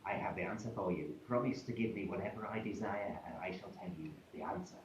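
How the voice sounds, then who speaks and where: A man telling a story voices an ugly old woman hag who bargains slyly, in a low hushed voice, recorded from a distance in an echoey room. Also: fast, a little hiss or hum, lightly acted.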